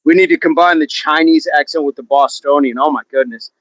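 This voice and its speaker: A man's voice: fairly high pitch, a little fast, a bit bright, dry recording. Male fitness streamer, upbeat and jokey, reading chat aloud mid-workout; dry, muffled recording. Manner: upbeat, reads viewer comments aloud and jokes about accents. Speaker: livestream fitness host. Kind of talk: casual livestream chat while exercising. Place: outdoors in wind.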